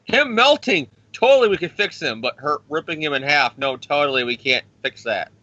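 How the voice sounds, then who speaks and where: Man, comics podcast host, sarcastic, swears a lot, stammers, bright tense voice, dull lo-fi sound. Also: on the high side, lively intonation, moderate pace, no echo. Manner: profane, sarcastic storytelling with stammered restarts. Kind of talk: casual comic recap with put-on voices.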